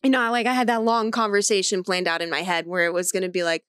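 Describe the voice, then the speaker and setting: A woman in her thirties co-hosting a podcast, telling stories in a lively way, swearing freely and laughing often. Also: medium pitch, fast, few pauses, clean tone, dry recording. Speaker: podcast co-host. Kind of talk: casual chat.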